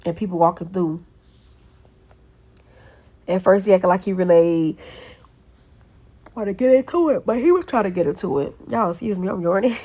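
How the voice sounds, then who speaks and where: A woman, telling a story to her viewers in a chatty, affectionate way and calling them baby. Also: lowish voice. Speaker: vlogger. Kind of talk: casual vlog chat.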